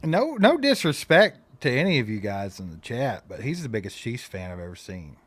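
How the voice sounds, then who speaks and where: A man's voice: medium pitch, very animated, normal speed, a bit bright, slightly rough. A man from Kentucky co-hosting a fan show, talking in easygoing, wry livestream banter.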